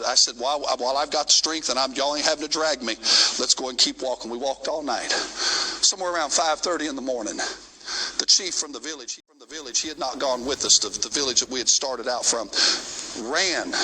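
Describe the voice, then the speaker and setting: A man telling a missionary story in a sermon, folksy and animated, going from shouting to hushed. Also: medium pitch, slightly rough, low-quality recording. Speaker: missionary preacher. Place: church sanctuary.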